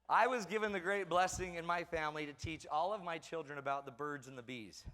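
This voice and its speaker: A man's voice: on the high side, brisk, few pauses, pushed and bright, big-room sound. A middle-aged man giving a comedic talk on parenting to an audience, mocking himself as he acts out scenes from family life. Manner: self-mocking storyteller acting out family scenes. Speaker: parenting speaker.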